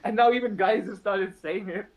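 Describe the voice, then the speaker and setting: A man's voice: sits high, fairly even intonation, a little fast, vocal fry, poor audio. A man guest on a casual podcast, easygoing and laughing along, often hedging his opinions.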